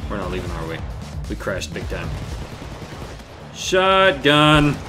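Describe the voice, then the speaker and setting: A man giving solo gameplay commentary, shouting and swearing at the game and cracking sarcastic jokes, with faint game music behind. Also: fairly low pitch, very animated, slow. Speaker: let's play gamer.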